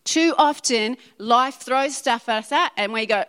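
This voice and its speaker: A woman preaching a sermon to a church congregation, emphatic and animated, repeating her points and speaking directly to the audience. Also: fairly high pitch, normal speed, hardly any pauses. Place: church hall. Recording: reverberant hall.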